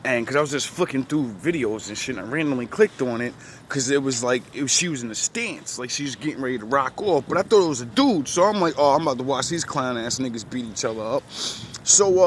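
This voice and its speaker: A man's voice: medium pitch, a little hiss or hum. A man in casual chat, telling a rambling story full of profane street slang.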